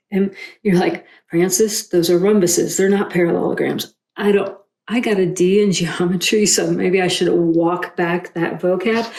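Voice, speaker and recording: A middle-aged woman talks through a quilting tutorial as she sews. Her voice sits low and mellow, and she wanders into rambling, self-deprecating asides. The room around her is echoey. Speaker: quilting instructor. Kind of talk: casual tutorial chat while sewing.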